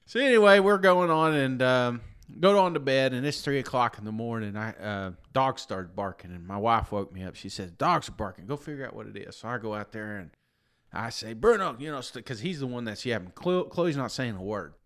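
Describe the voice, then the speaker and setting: A man's voice: mid-range voice, normal speed, fairly bright tone, clear, resonant tone. A man, tired after a sleepless night, co-hosting a podcast and telling a long, rambling, self-deprecating story in casual chat. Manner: rambling, self-deprecating, peppered with "you know what I'm saying". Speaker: podcast co-host.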